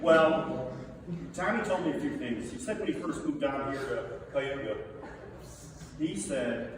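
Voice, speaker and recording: Speaking at medium pitch, a middle-aged man shares lively, laughter-filled anecdotes about a friend with an assembled audience. The mic is far off, the big hall rings with reverb, and a constant hum runs beneath.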